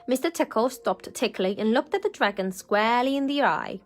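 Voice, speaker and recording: A woman reading a picture book aloud to children as a storyteller, animated and often asking them questions. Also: fairly high pitch, a little fast, soft background music.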